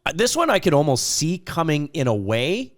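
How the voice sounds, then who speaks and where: A man co-hosting a casual sports talk show, his voice still a little raspy from an illness, chatty and opinionated. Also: a little high, sing-song, normal speed. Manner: chatty, opinionated, jokes at himself. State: lingering raspy voice after an illness. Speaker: co-host.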